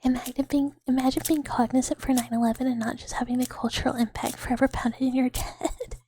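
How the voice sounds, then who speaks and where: A woman in her thirties hosting a whispered ASMR livestream, breathy and giggly, rambling as she greets chat on a close mic. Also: high-pitched, flat delivery, fast talker, dark tone, a little hiss or hum. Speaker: ASMR streamer.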